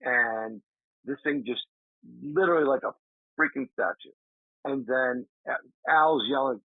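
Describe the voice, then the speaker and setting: A man, a paranormal investigator, telling an animated story in a casual interview, acting out his friend's shouts. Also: medium pitch, unhurried, long pauses, no echo. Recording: dry tinny remote call audio.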